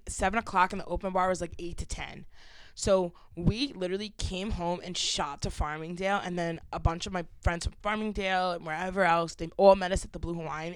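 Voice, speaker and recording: A young woman, hosting a podcast and telling a story in lively casual chat, laughing often. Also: on the low side, fairly quick, no room sound. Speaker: podcast host.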